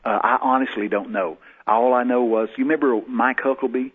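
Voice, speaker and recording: A man's voice: mid-range voice, steady tone, a little fast, breathy edge. A man, a guest in an interview, telling personal stories in a folksy way and acting out the voices he quotes. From Texas. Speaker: guest prophet. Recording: tinny phone-like lo-fi sound.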